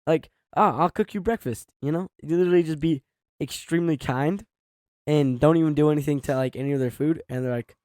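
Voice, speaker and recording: A man's voice: fairly high pitch, fairly even intonation, fast, mellow, clean tone, dry recording, clean studio sound. A man co-hosting a podcast in casual chat, telling stories in an easygoing, giggly way. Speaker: podcast co-host.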